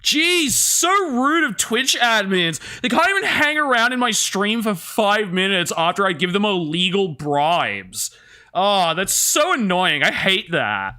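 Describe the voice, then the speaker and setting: A man talking casually on his stream, sarcastic and full of swearing. His bright voice swoops up and down as he talks, and he takes his time with the words. Faint music plays behind him. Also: sits high, lively intonation, unhurried. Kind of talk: casual reaction commentary on stream.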